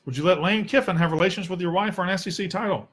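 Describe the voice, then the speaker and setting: Rapid-fire and a bit bright, this high-sitting male voice belongs to a young Southern US sports podcast host. He handles a casual solo Q&A in a sarcastic, profane, no-nonsense manner.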